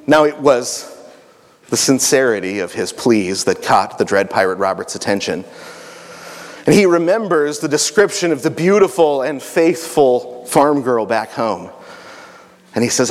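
A man's voice: medium pitch, moderate pace. A man animatedly retelling a story with jokes for a young audience. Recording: long hall reverb.

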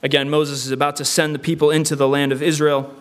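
A man's voice: on the high side, level tone, quick pace. A man preaching a sermon earnestly, using repetition and rhetorical questions. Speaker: pastor.

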